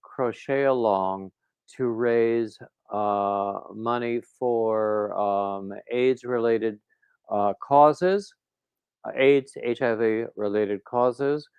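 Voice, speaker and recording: Slow, smooth-voiced man chatting on a livestream. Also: mid-range voice, no room sound, muffled recording. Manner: rambling, reads out viewer comments. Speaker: crochet livestream host. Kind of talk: casual livestream chat with viewers.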